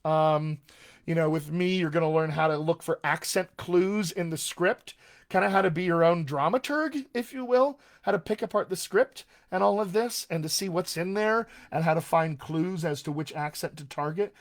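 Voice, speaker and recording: A man's voice: a little high, moderate pace. A man working as a dialect coach, talking casually on a live-streamed Q&A, chatty with many fillers and restarts.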